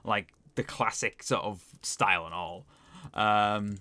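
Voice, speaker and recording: A man with a Northern English accent commenting casually on a game playthrough, chatty and quick to laugh, with faint music behind. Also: fairly low pitch, bright, forceful tone. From north of England. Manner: chatty, laughs often, self-deprecating. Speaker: streamer.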